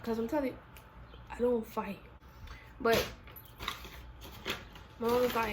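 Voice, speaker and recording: A woman vlogger telling a casual storytime in a slangy, animated way. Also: fairly high pitch, a little slow, long pauses, noisy background.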